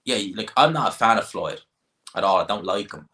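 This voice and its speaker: A man's voice: lowish voice, expressive, brisk, sharp tone. An Irish man hosting a casual livestream, answering viewer comments with rambling, opinionated talk. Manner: opinionated and rambling, frequent restarts. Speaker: livestream host.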